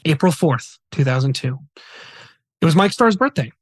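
Male podcast host, somber storytelling, slightly high voice, dry close mic. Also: expressive, moderate pace, husky, no echo. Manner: earnest, somber retelling with quoted dialogue.

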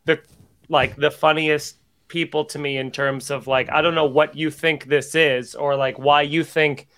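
A man, a comedian guest on a podcast, in casual chat, quick and joking, riffing in mock voices. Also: mid-range voice, a bit bright.

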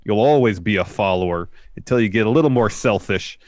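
A man's voice: fairly low pitch, lively intonation, brisk, darkish tone, dry recording, clean studio sound. A man co-hosting a casual show, steadily retelling events with small fillers. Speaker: podcast co-host. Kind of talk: casual recap narration.

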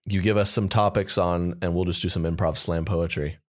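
Low-voiced young man co-hosting a podcast. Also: steady tone, brisk. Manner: rambling, filler-heavy, joking. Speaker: podcast co-host. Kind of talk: casual comedy podcast chat.

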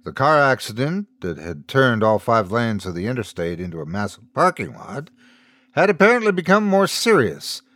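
A man's voice: medium pitch, moderate pace, no room sound. A man narrating a scripted horror story as host, in a dry, close recording. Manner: storytelling, expressive.

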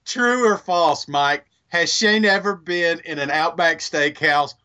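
A man's voice: fairly high pitch, slow pace, pushed and bright, clear, resonant tone. A man co-hosting a casual sports podcast, playful and laughing a lot. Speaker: podcast co-host.

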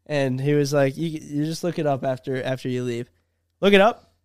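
A young man on a casual podcast, spinning a story with lively back-and-forth voices. His voice is smooth and resonant and sits at a middling pitch. The recording is dry and close. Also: brisk, dry recording. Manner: animated storyteller, acts out both sides of a conversation. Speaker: podcast host.

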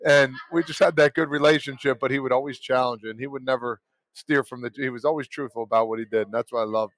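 A man's voice: mid-range voice, fairly even intonation, quick pace, a bit bright, no echo. A man, a former baseball player, chatting casually in a laid-back, slangy way. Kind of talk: casual chat.

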